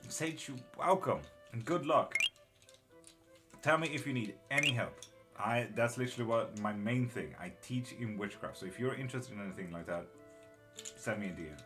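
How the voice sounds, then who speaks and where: A man's voice: medium pitch, animated, moderate pace, music in the background. A middle-aged man doing a casual live-stream tarot reading, reading out chat and muttering curses under his breath. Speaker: tarot reader and witchcraft teacher.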